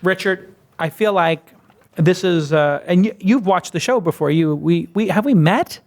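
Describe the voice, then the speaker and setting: A man's voice: sits high, normal speed. A man hosting a podcast interview, chatty and self-mocking, telling stories in a casual way. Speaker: podcast host.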